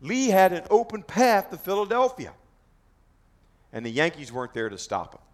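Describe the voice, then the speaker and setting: With a sing-song voice that sits high, a man talks at normal speed while guiding a group around a battlefield. His outdoor history talk is dramatic and emphatic. He keeps throwing rhetorical questions at the crowd.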